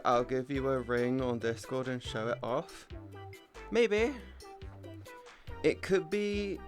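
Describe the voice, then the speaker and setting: A young British man streaming from home, rambling casually and chatting with viewers, now and then swearing. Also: medium pitch. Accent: British English. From Britain. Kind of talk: casual live-stream chat.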